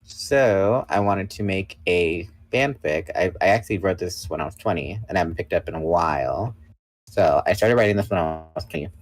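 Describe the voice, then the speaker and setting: A man's voice: low voice, animated, moderate pace, no room sound, low-quality recording. A man in his twenties, chatting casually and bluntly as a guest on a livestream. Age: 20s. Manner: blunt, self-assured talker. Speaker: podcast guest.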